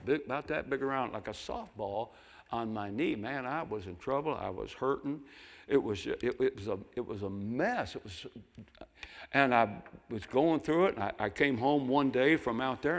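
An older man preaching a sermon, telling folksy stories and breaking into loud mimicking voices. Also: medium pitch, gravelly. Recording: long hall reverb.

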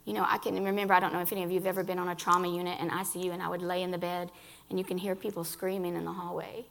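A woman's voice: fairly low pitch, little pitch movement, very fast, vocal fry, a bit bright. A woman giving an earnest personal faith testimony to a women's gathering, speaking straight to her listeners and often restarting her phrases.

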